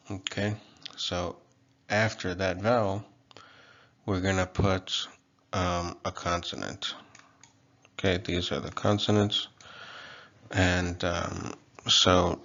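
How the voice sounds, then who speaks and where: A man with a very low, deep voice walks through a casual whiteboard lesson at an unhurried pace. He stops and starts with fillers as he explains each point. The recording sounds dull and lo-fi. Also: fairly bright tone. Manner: halting, frequent fillers and restarts while explaining. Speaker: language teacher.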